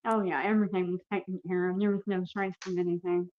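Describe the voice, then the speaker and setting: A woman's voice: on the low side, little pitch movement, quick pace, lo-fi sound. A woman guest giving personal testimony in an interview, earnest and emphatic, speaking straight to the viewers.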